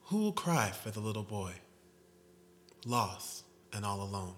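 A man acting out a gentle middle-aged male psychiatrist who reads a poem aloud to his patient. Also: fairly low pitch, very animated, a little slow, slight background noise.

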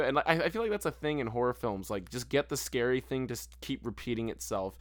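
A man co-hosting a podcast in casual chat, animated and swearing a lot. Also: mid-range voice, fast, no echo. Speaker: podcast co-host.

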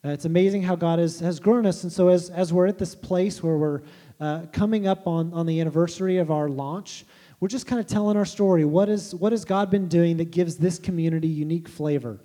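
A man's voice: on the high side, steady tone, fairly quick, mellow. A man giving a sermon as pastor, in a casual, conversational and self-deprecating way.

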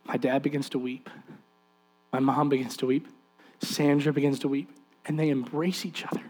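A man preaching, telling a family story with lively acted-out quotes and direct appeals to the listeners. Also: medium pitch, moderate pace, husky. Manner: animated storyteller acting out quoted voices. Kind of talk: sermon storytelling.

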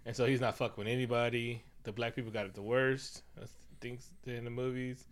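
A man's voice: mid-range voice, flat delivery, brisk. A man retelling a movie's plot in casual, profane chat, jumping into characters' lines as he goes.

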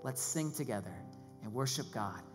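A man's voice: mid-range voice, normal speed. Man preaching in a reverberant hall. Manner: builds to loud excited preaching, then quiet and hushed for prayer. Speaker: pastor. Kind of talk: sermon. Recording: long reverb with music behind. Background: music playing.

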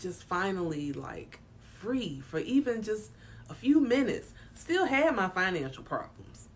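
A woman's voice: lowish voice, expressive, a little slow, slight background noise. A woman candidly telling a personal story in a frank, emphatic way, with casual swearing.

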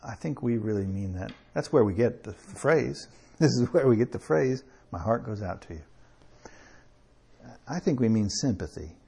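A man preaching a sermon in a conversational way, with chuckles and slow emphatic pauses. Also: lowish voice, expressive, creaky, warm tone, breathy edge.

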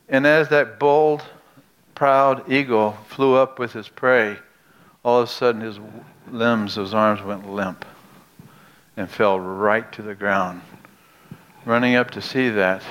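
Preacher with sweeping dramatic delivery. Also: male voice. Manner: dramatic storytelling, swings between hushed low lines and raised outbursts; asks the audience direct questions. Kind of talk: sermon.

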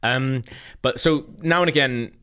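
A man's voice: mid-range voice, unhurried, pushed and bright, clean tone. Rambling, laughing man in casual chat. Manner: rambling, laughs often, stirs the pot. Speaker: podcast co-host.

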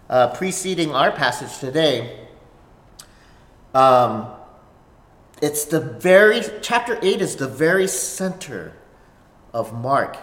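A pastor preaching a sermon, swinging between emphatic declarations and hushed asides, often asking "right?". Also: mid-range voice. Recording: echoey reverberant hall.

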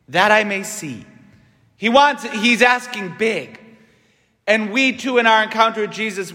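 Guy preaching a homily, high bright voice, big church echo, keeps asking right?. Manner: conversational, frequent "right?" tag questions. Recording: long church reverb.

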